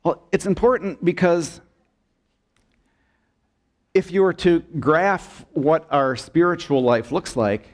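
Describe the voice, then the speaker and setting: A male pastor delivering a sermon in a church, asking the congregation questions and drawing them into call-and-response, sometimes dropping low and soft for emphasis. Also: takes it slowly, long pauses. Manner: expressive preaching, dips low and soft for emphasis. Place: church sanctuary.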